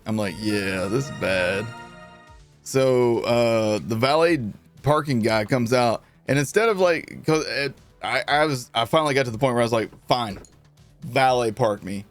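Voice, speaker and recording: A man with a mid-range voice speaks at normal speed while faint music plays behind him. Streaming a game, he casually tells his chat a long story, animated and laughing as he acts out what people said.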